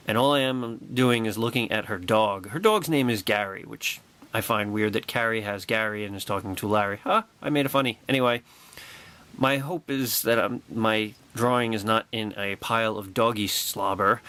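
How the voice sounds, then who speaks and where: A man vlogging a personal anecdote with excitable, wry storytelling and a sarcastic edge. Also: on the low side, moderate pace.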